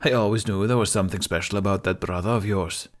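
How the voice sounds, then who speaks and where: A man's voice: lowish voice, steady tone, fast, lightly acted. A man reading fan fiction aloud, voicing a jovial older blacksmith in a hearty, cheerful way.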